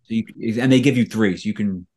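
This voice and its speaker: Male host, casual interviewer, slightly low pitch, relaxed with restarts. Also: fast talker. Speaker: podcast host.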